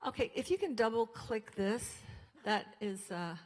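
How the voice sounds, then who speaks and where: A woman's voice: on the high side, lively intonation, measured pace, darkish tone. An older woman from Colorado giving a chatty, storytelling speech to an audience, acting out the voices in her own anecdotes. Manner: chatty storytelling, acts out dialogue. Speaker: guest speaker at a fundraiser. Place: church hall. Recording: long hall reverb.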